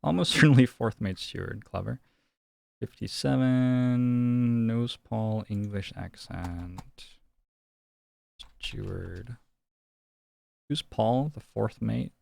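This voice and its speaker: A man's voice: fairly low pitch, takes it slowly, vocal fry, long pauses, darkish tone, no room sound, studio quality. A young man streaming a detective game, musing and thinking aloud in casual commentary.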